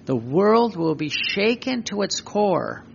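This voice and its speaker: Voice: mid-range voice, sing-song, slow pace, gravelly, dull audio, slight background noise. A preacher giving emphatic spoken religious teaching, repeating phrases and asking rhetorical questions.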